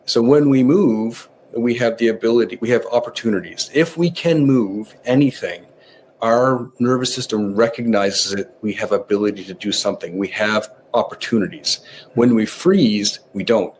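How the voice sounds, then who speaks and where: A man's voice: on the low side, moderate pace, slight background noise. A man guesting on a podcast, explaining his ideas casually and acting out little examples as he goes. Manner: explains with animated acted-out examples. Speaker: guest author on nervous system training. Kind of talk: conversational podcast interview.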